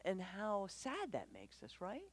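Animated woman giving a parenting talk. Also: mid-range voice. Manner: animated, acts out quick voices of parents and kids, asks the audience. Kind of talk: conversational sermon.

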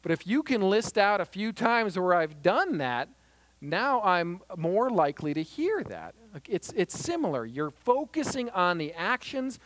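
A man's voice: sits high, measured pace, no echo. A man giving an earnest, conversational Christian teaching on conflict in marriage, mixing advice with personal stories. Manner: earnest and lively, acts out little scenes.

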